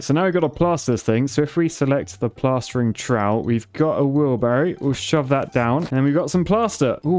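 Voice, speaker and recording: A chatty English man in his thirties talks through a game with wry, self-mocking asides. His voice sits at an ordinary middle pitch. Faint music plays softly underneath. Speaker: gameplay commentator. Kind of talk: gameplay commentary.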